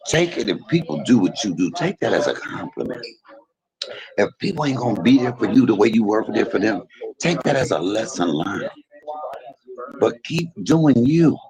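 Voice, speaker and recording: A man live-streaming from a hospital emergency room bed, talking in an animated, preachy way and repeating himself as he speaks to his viewers. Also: mid-range voice, muffled recording. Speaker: livestream host. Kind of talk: casual live stream talk.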